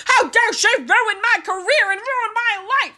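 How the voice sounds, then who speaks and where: A woman's voice: extremely high pitch, unhurried, pushed and bright, voice pushed up, heavily acted. A woman voicing a whiny, self-pitying young man in a mocking, exaggerated way. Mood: indignant.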